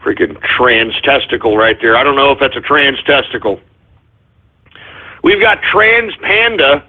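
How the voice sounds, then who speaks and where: Male radio host, loud and mocking, given to profane outbursts, with a husky voice on a tinny phone-quality line. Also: mid-range voice, measured pace. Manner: brash, profane and mocking, with sudden shouts. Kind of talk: live internet radio rant.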